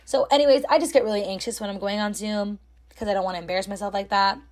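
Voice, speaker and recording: A young woman telling a story in a casual, chatty way, full of fillers and animated when she quotes people. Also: medium pitch, quick pace. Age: young adult. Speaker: storytime host.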